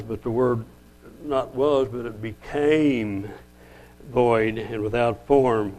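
Older guy preaching, chatty and rambling, lots of restarts, slows way down for scripture. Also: medium pitch, a little mellow, rough recording. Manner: rambling, self-correcting, conversational; slows down to read scripture aloud. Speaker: lay preacher. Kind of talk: sermon teaching.

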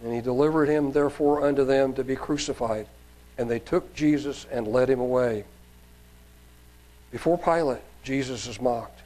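A man's voice: mid-range voice, moderate pace, a little mellow, rough recording. A man preacher reading Bible passages aloud and adding sermon comments, raising his voice for quoted cries, with some fillers and restarts.

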